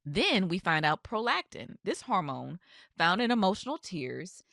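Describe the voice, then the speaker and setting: A woman podcast host speaks in a bright, forward voice. Her pitch rises and falls a lot as she tells her own story. The sound is dry and close, and her delivery is candid and chatty, full of casual asides. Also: sing-song, a little slow, vocal fry, no room sound. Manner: candid, conversational, with frequent "you know" asides. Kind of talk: personal storytelling monologue.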